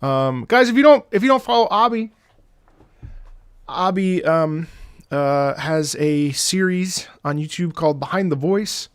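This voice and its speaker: A man in his late thirties chatting casually as a streamer reacting to game music, excitable and swearing freely as he jumps between topics. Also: fairly high pitch, a little slow, smooth, no echo, clean studio sound. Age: late 30s. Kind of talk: casual rambling chat.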